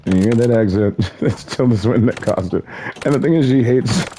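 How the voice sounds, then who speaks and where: A man's voice: mid-range voice, a little fast, dark tone, slight background noise. A man streaming a game, rambling loosely, swearing and laughing often. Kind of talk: rambling gameplay commentary.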